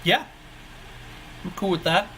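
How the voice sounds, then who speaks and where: Bright, laid-back male game master. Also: high-pitched, animated, takes it slowly, a little hiss or hum, rough recording. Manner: rambling, laid-back, self-mocking. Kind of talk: narrating a tabletop game.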